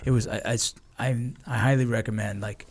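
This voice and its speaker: Gravelly husky man from Los Angeles. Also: medium pitch, brisk. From Los Angeles, USA. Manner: profane, animated storyteller. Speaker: guest, Army Ranger veteran. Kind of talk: casual storytelling interview.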